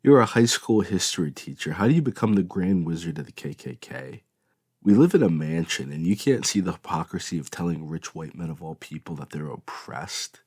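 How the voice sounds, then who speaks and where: A man's voice: sits low, lively intonation, fairly quick, creaky, a little mellow, slightly rough, heavily acted. A man reading an audiobook, voicing a defiant young woman who argues with her father in an exasperated, pleading way.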